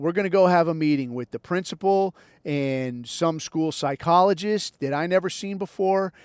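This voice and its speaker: A man's voice: high voice, dry recording, clean studio sound. An American man hosting a podcast, telling a long personal story in a loose, wry way and acting out the other voices. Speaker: podcast host. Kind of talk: casual storytelling monologue.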